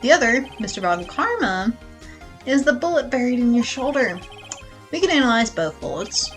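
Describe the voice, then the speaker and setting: A woman's voice: fairly high pitch, sing-song, normal speed, faint music behind. A woman voicing an earnest young male defense attorney who lays out evidence steadily.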